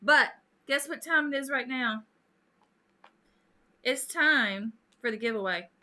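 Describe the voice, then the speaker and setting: A woman's voice: high voice, slow pace, pushed and bright. A woman hosting a casual live stream, chatting with viewers, greeting them by name and laughing often.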